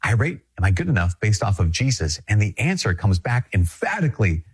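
A man's voice: fairly low pitch, sing-song, fairly quick, husky. A man from Minnesota, a Catholic priest, giving an earnest, conversational spiritual talk and repeating phrases for emphasis.

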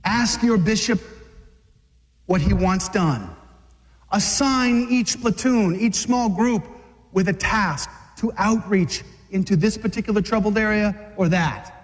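A man preaching a fervent sermon to men, exhorting them hard and climbing into shouts at the peaks. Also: high voice, slow pace. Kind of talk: fiery sermon. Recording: long hall reverb.

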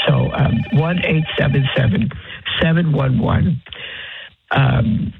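A nun who is unwell and short of breath makes a halting, pleading fundraising appeal over the phone from her bed. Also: a bass voice, creaky, soft background music. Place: lying in bed in her convent cell. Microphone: phone line. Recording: tinny phone line.

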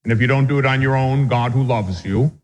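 A man's voice: mid-range voice, brisk, darkish tone. A male Catholic priest teaching a catechism class, reading definitions aloud and then explaining them with homely examples. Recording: long hall reverb.

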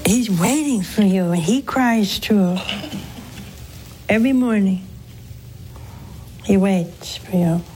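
A woman's voice: medium pitch, slow, long pauses, warm tone, a little hiss or hum, rough recording. A woman, a nun hosting a call-in program, preaching earnestly and coaxing her listeners with questions. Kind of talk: preaching and counseling callers.

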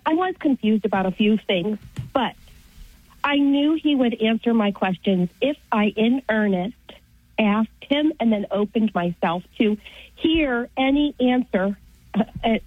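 A husky-voiced woman with a fairly high pitch calls in to a radio show and tells her story earnestly. The sound is a dry, tinny phone line. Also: no echo. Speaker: caller. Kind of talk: phone-in testimony.

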